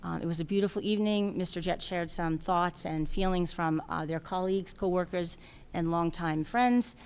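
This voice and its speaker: A woman's voice: fairly low pitch, darkish tone, clean tone. A woman chairing a school committee meeting, polite and a little hesitant, with many fillers. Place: meeting room.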